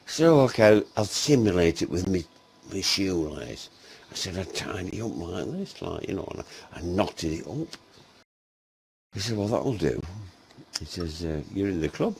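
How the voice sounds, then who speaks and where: A man's voice: low-pitched, sing-song, measured pace, vocal fry, long pauses, a little mellow, slight background noise. An older man tells a rambling comic anecdote, swearing constantly, acting out both sides of the dialogue and laughing often.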